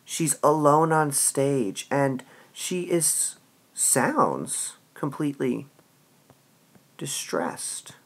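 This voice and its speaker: A man giving a literature lesson, his husky voice rising and falling with animated energy. He reads passages aloud and breaks them down, dropping in "all right" again and again as he goes. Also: medium pitch, extremely slow. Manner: lively, animated reading with frequent "all right". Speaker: teacher.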